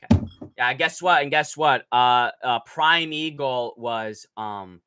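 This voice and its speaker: A young man hosting a live stream, reading chat aloud in a brash, profane, mocking way and breaking into shouts. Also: medium pitch, slow, background noise. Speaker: livestream host reading chat. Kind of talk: casual livestream chat.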